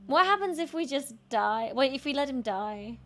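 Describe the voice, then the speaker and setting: Excitable high-voiced woman streaming a game. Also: normal speed, a little hiss or hum. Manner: excitable, swears, screams and laughs at scares. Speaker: streamer playing a horror game. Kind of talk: gaming stream commentary.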